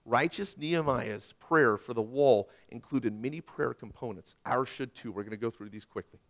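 A male pastor preaching a sermon in a conversational way with personal stories, swinging from loud, emphatic lines to hushed ones. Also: mid-range voice, moderate pace.

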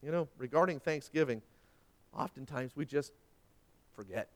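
A man's voice: medium pitch, normal speed, pauses often. A man preaching a sermon, telling stories and acting out the voices in them. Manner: animated storytelling, acts out quoted voices. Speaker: pastor. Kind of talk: sermon with anecdotes.

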